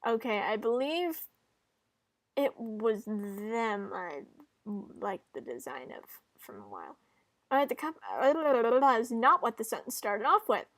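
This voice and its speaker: A woman's voice: on the high side, sing-song, slow pace, fairly bright tone. A woman streaming herself reading through a visual novel, with chatty, giggly commentary. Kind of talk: reading a game aloud on stream.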